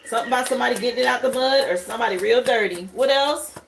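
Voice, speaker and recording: A woman's voice: fairly high pitch, very fast, creaky, background noise. A woman doing a casual live tarot reading at home, chatty, greeting viewers and thinking aloud over the cards. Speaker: tarot reader hosting a live stream. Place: home livestream setup, burning incense.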